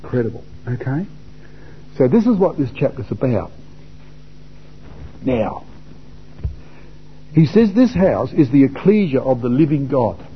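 A man's voice: medium pitch, sing-song, unhurried, long pauses, slight background noise. An older man from Australia giving an informal Bible talk to young men, chatty, repeating words and putting questions to his listeners. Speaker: Bible class teacher. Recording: dull lo-fi recording.

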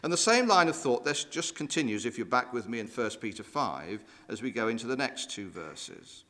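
A man's voice: medium pitch, moderate pace. A man preaching a sermon, walking listeners through scripture passages and asking rhetorical questions. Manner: expressive, rising and falling emphasis with rhetorical questions; quotes scripture in old-fashioned wording.

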